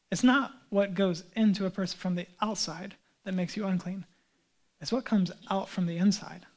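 A male pastor preaching a sermon in a conversational, animated way, with casual asides. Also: high-pitched.

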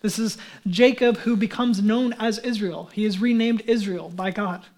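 Guy pastor preaching, kinda high voice, chatty and animated, lots of asides. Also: normal speed. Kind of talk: sermon.

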